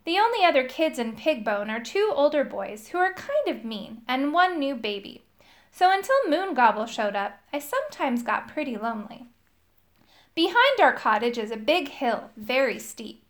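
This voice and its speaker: A woman reading a children's story aloud, telling it in the first person with an expressive storyteller's lilt. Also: sits high, moderate pace. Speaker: storybook reader.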